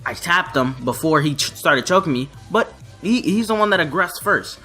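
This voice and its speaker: A man's voice: fairly high pitch, lively intonation, moderate pace, pushed and bright, breathy edge, soft background music. A young man telling a story on his vlog in a brash, profane way. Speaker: vlogger.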